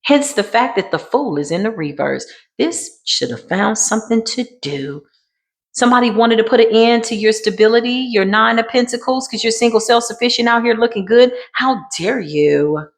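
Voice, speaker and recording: A woman giving a dramatic tarot card reading in a sassy way, dropping to a hush and then rising to emphatic bursts. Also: fairly high pitch, moderate pace. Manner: sassy, dramatic, swings between hushed and emphatic. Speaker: tarot reader.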